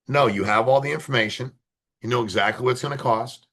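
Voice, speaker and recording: A man coaching insurance agents in an interview, blunt and emphatic, talking fast in bursts and acting out phone calls with clients. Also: medium pitch, fairly bright tone. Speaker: insurance sales leader.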